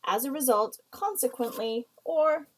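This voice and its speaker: Female writing teacher, a touch high-voiced, patient and explanatory delivery. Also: a little hiss or hum, low-quality recording. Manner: slow, explanatory, reads example sentences aloud. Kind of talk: recorded writing lesson.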